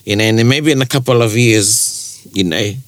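Low-voiced kiwi guy casually explaining language stuff, acts out example phrases, dry close sound. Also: moderate pace, no echo. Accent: New Zealand. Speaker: te reo Māori podcast co-host. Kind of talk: casual conversational teaching.

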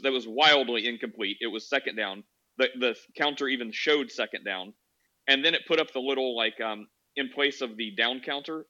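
A man's voice: medium pitch, bright, forceful tone. A man hosting a podcast, talking in an easygoing, storytelling way with filler words. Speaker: podcast host. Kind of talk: casual chat. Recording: slightly dull, lo-fi sound.

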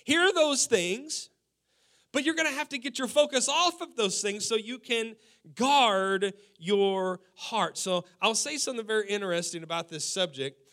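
A man in his forties, a pastor, preaching a sermon in an animated way, acting out quotes and laughing along with his own points. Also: high-pitched, moderate pace. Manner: animated preaching, quoting people in acted voices, laughing.

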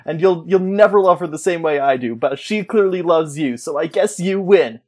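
A man's voice: fairly high pitch, normal speed. A man in casual chat, animatedly retelling a movie's plot and acting out the characters' lines. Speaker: podcast co-host.

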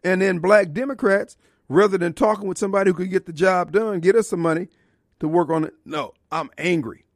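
A man's voice: sits high, fairly quick, no room sound, clean studio sound. A man hosting a talk radio show, delivering a fired-up political monologue and live ad reads. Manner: impassioned, preachy, colloquial, shifts into live ad reads. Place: radio studio. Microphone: studio microphone.

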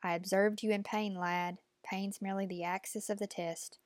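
A woman's voice: mid-range voice, level tone, normal speed, dry recording, natural voice. A woman reading an audiobook, voicing a stern, cold, commanding old woman who speaks in clipped, imperious lines. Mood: appraising.

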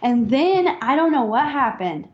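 A woman's voice: high-pitched, big pitch swings, measured pace, highs cut off. A woman in casual chat as a guest, giggly and rambling as she opens up about her feelings.

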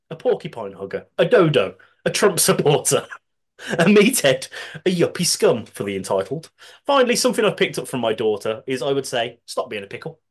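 A man's voice: medium pitch, husky. A man with a Brummie accent, co-hosting a podcast, reading out listener submissions with frequent laughter and casual swearing. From Birmingham, England. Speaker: podcast co-host.

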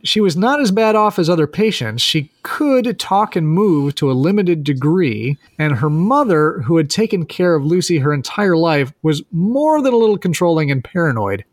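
A man's voice: on the high side, sing-song, moderate pace, few pauses, no room sound, studio quality. A man hosting a podcast who tells a story in a casual chat, hedging often and using "like" a lot. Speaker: podcast host telling the story.

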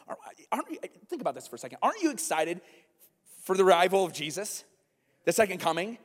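A pastor with a high voice preaches an animated sermon, checking in with the congregation through quick rhetorical questions. A long reverb trails his words, as though they fill a large sanctuary.

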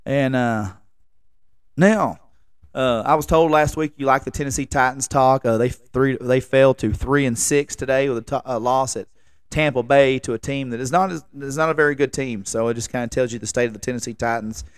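A man's voice: medium pitch, normal speed, clean tone, dry recording, clean studio sound. A man, hosting a podcast and telling rambling, self-mocking stories in a casual, exasperated way. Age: late 30s. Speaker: podcast host. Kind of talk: casual comedic storytelling monologue.

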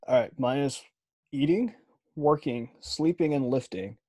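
Young male podcast co-host, easygoing banter, dry close mic, mid-pitched. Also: unhurried, warm tone, husky, no room sound. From Chinese descent, speaks Mandarin. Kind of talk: casual chat.

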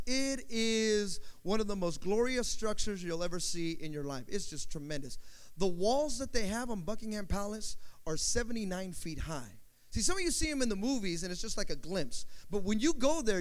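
A man preaching a sermon, telling a story with animated delivery and repeating phrases for emphasis. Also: high voice.

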